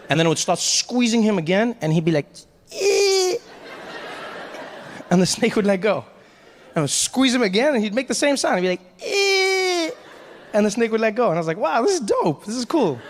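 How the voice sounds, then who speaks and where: A lively male comedian telling a story on stage, his voice sitting high for a man and jumping around as he acts out the scene. He talks quickly and keeps the tale moving. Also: big-room sound. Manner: animated, fast storytelling with acted voices. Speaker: stand-up comedian. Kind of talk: stand-up storytelling.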